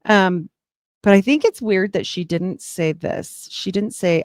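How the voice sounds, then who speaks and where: A middle-aged woman giving a personal testimony as a guest, rambling and animated, with laughs and asides. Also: mid-range voice, unhurried, no echo, studio quality.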